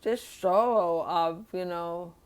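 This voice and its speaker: Speaking slowly in a lowish, clean voice, a woman vlogs about a difficult day. She rambles emotionally, sighs, and lets out nervous laughs, sounding upset and overwhelmed.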